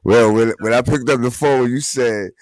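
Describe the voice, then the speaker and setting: A man's voice: medium pitch, moderate pace, darkish tone, no echo. A man hosting a casual live show from his basement, slangy and laid-back, often laughing. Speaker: host. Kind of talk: casual live-stream chat.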